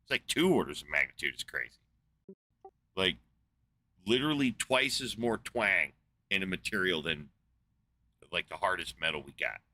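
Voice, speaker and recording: A man's voice: low-pitched, big pitch swings, moderate pace, pauses often, pushed and bright. A man hosting a podcast in casual chat, rambling and sarcastic with a lot of swearing. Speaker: podcast host.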